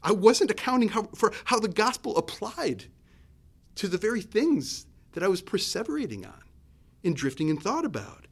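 A pastor delivers his sermon as if chatting with a friend, his slightly raised voice swinging widely up and down in pitch. He talks in a searching, informal way, trailing off and starting his sentences over as he works through his thoughts. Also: normal speed, creaky, slightly rough. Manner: conversational, searching, with restarts and lively swings in pitch and loudness.

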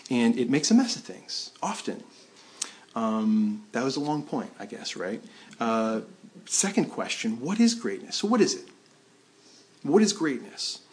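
A male pastor delivering a sermon in a church, his pitch sitting in the middle of the usual range for a man. He talks to the congregation in a loose, conversational way, with fillers and restarts, and acts out the quotes he tells. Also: big pitch swings, measured pace.

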